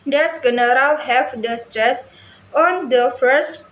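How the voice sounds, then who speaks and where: A woman reads a class presentation aloud, slowly and haltingly, restarting some words. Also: high voice, fairly bright tone. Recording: echoey room, faint ambience.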